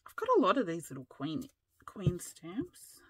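A woman's voice: fairly low pitch, big pitch swings, unhurried, fairly bright tone, slightly rough. An Australian woman in her fifties, hosting a crafting vlog and telling a rambling, chatty story. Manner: rambling, chatty, often laughing. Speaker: crafting channel host.

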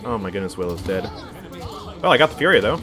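A man's voice: lowish voice, very animated, fast, music in the background. A man casually commenting on his gameplay as a streamer, reacting to the match and reading chat aloud. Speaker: game streamer.

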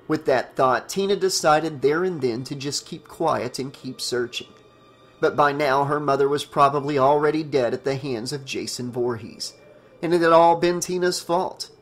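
A man who hosts his own channel, reading a horror novel aloud in a steady, deliberate storytelling manner. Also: on the high side. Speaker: audiobook narrator and channel host. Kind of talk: audiobook narration.

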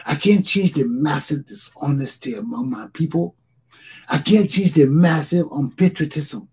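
A man's voice: on the high side, mellow, slightly rough. A Liberian man hosting his own talk show, speaking in an impassioned solo monologue and repeating phrases for emphasis.

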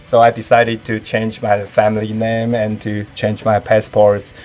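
A man from Taiwan with a Taiwanese accent, Taiwanese Hokkien his first language, talking as a podcast guest in casual chat, halting and reaching for words with many fillers. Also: fairly low pitch, completely flat delivery, a little mellow, faint music behind.

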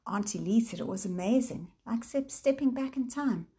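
A woman's voice: a little high, animated, normal speed, slightly rough, voice pushed up. A woman playing a kindly chatty mother. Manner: gentle, explaining.

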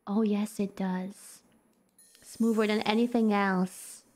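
A woman's voice: medium pitch, steady tone, slow pace, darkish tone. A young woman streaming a game, gasping and reacting playfully as she reads in-game text aloud.

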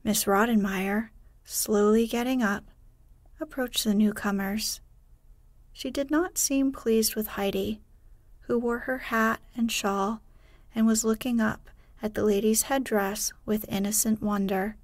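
Hushed woman reading a sleep story, super slow, dry close mic. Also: medium pitch, steady tone, no echo. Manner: soft, hushed, gentle. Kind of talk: bedtime story narration.

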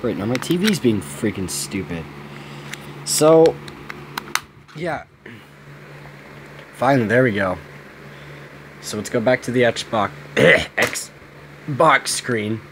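A young man making a casual gaming vlog, swearing freely, his voice worn hoarse from screaming with joy. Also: mid-range voice, expressive, takes it slowly, long pauses, background noise. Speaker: gaming video maker. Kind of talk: excited casual vlog rant.

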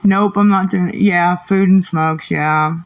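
A woman's voice: lowish voice, fairly even intonation, a little slow, distant mic. A woman livestreaming late at night, irritated and swearing as she argues back at her chat.

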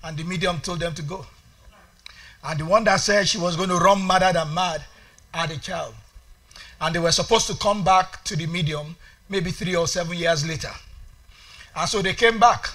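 A man preaching a lively church sermon as pastor. His voice sits high and sounds piercingly bright. He swings between booming shouts to the congregation and hushed storytelling. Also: normal speed, long pauses. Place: church sanctuary.

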